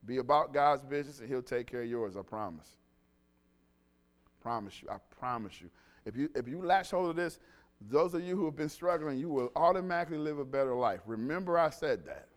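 A man preaching a lively sermon, telling stories and calling the congregation to respond. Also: fairly high pitch, quick pace. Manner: animated, call-and-response with congregation.

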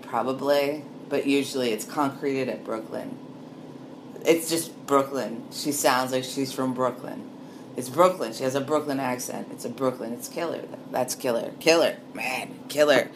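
A woman's voice: rumbling low, a little hiss or hum. A woman in her late thirties talking in a loose, meandering monologue, laughing often and trailing off. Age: 30s. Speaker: monologue speaker. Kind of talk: rambling casual monologue.

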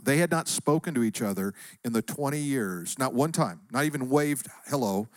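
A man's voice: medium pitch, expressive, normal speed, no room sound. Male pastor, storytelling sermon, joking, crowd-working, dry close sound. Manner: chatty, joking, works the crowd.

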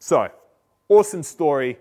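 A man preaching a sermon, retelling a story in a relaxed, chatty way with slang and frequent restarts. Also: a little high, unhurried.

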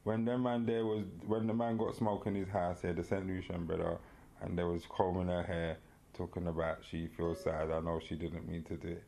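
Animated man telling a story. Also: deep voice, normal speed, vocal fry, slight background noise. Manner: animated storytelling with slang, laughing often. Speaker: podcast co-host. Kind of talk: casual chat.

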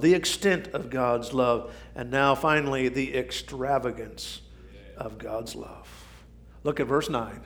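A man preaching a sermon, swinging from shouting to near whisper for drama. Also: mid-range voice. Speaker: pastor.

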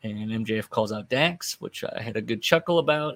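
A man's voice: on the low side, brisk. A middle-aged man hosting a casual podcast recap, rambling with wry, offhand asides. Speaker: podcast host recapping wrestling.

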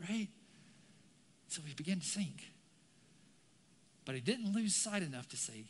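A man preaching a sermon to a congregation and online viewers, animated and conversational, often checking in with "right?". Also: a little high, moderate pace. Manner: animated, keeps asking "right?". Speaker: pastor. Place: church, some viewers online.

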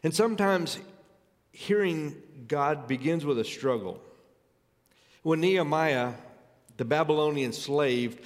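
A man preaching a sermon, reading scripture aloud and urging his listeners with earnest, rising emphasis. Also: on the high side. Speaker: pastor. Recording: long hall reverb.

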